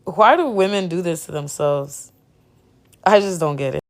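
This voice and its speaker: A woman's voice: fairly low pitch, normal speed. A young woman streamer reading a story game aloud and making blunt, chatty asides to her viewers.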